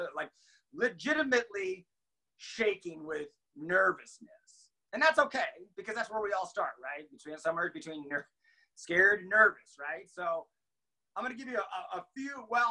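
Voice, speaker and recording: A young adult man giving a casual motivational training talk, animated and laughing, acting out quotes. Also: a little high, poor audio. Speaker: team trainer.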